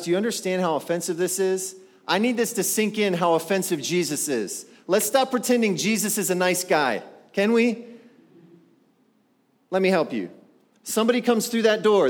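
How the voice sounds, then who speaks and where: A male pastor preaching a sermon in an animated way, asking the congregation rhetorical questions. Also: high-pitched. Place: church sanctuary. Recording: long hall reverb.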